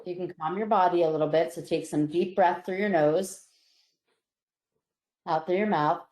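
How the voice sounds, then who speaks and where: A woman psychologist guiding listeners through a relaxation exercise, calm and slow, her voice softening on each release. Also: on the low side. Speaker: psychologist presenter. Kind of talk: guided relaxation instruction. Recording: roomy echo.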